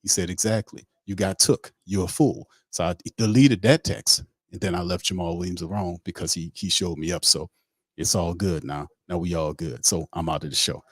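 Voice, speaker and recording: A man's voice: low voice, normal speed, slightly rough, no room sound, clean studio sound. A man doing a comic impression of a rambling, boastful male pro quarterback. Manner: rambling comic storytelling with mock dialogue.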